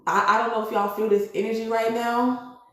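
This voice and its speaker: In a very echoey room, a woman gives a live-streamed tarot reading, preaching emphatically and often checking in with listeners by asking "okay?" Her voice sits on the high side with a level tone, and she talks briskly.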